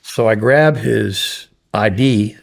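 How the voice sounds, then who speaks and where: A middle-aged man from the United States tells his story in a casual interview. His voice sits low and has a gravelly, gritty edge, and he throws himself into the voices of the people he quotes, swearing freely along the way. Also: takes it slowly. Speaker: podcast guest.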